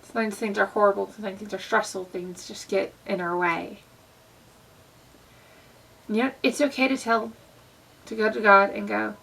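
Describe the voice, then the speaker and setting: Young female vlogger, husky, casual and sincere, mic at a distance. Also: mid-range voice, steady tone, moderate pace, pauses often, a bit bright. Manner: earnest, conversational, many fillers. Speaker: Christian vlogger. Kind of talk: casual devotional vlog talk.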